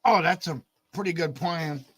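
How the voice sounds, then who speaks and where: A man in casual chat who talks haltingly, repeating words and swearing. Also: on the high side, slightly rough, no echo.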